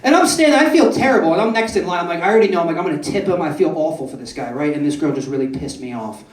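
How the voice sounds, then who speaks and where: A man's voice: fairly high pitch, lively intonation, rapid-fire, distant mic. Brash young man doing stand-up, roomy echo. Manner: profane, brash, keeps asking the crowd "right?". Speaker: stand-up comedian. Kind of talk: stand-up comedy set. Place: comedy club stage. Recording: roomy club echo, voice off-mic.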